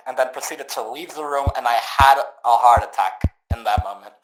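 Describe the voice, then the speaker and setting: A man's voice: medium pitch, a little fast, reverberant, rough recording. A man co-hosting a casual podcast, asking the others questions in a laid-back way. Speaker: podcast co-host.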